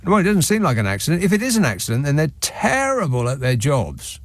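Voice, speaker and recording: A man's voice: fairly high pitch, huge pitch swings, fast talker, no room sound. A man hosting a radio phone-in show, reading out listener messages with a sardonic, mocking manner in a studio. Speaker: radio talk show host. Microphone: studio microphone.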